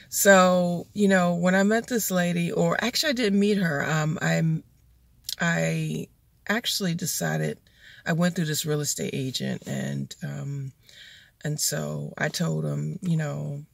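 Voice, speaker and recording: Middle-aged American woman, gravelly voice, rambling and chatty, acting out her own phone calls. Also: deep voice, dry recording. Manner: chatty, many ums and restarts, acts out both sides of phone calls. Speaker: vlogger. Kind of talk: casual vlog storytelling.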